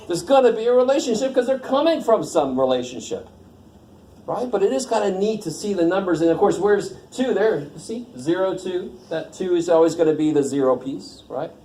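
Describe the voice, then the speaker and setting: Man, math teacher, informal and joking, mellow voice, roomy classroom sound. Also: a little high, slight background noise. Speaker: math instructor. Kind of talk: casual classroom lecture. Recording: echoey classroom, faint ambience.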